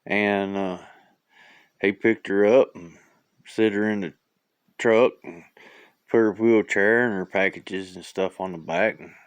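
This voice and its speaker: A man's voice: fairly low pitch, fairly even intonation, a little slow, pauses often, smooth, no room sound. A man casually telling a long joke in a rambling way, with lots of uhs. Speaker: joke teller.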